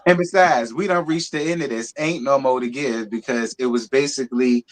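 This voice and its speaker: A co-host on a casual gossip livestream with a mid-pitched voice. The delivery is blunt and sassy, with plenty of shade thrown at the cast. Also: brisk. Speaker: co-host of a live reality TV review show.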